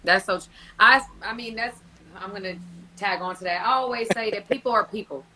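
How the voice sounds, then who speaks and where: A woman who works as a therapist, chatting and asking questions on a podcast, lively and quick to laugh. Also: medium pitch, slight background noise, low-quality recording. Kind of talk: casual podcast chat.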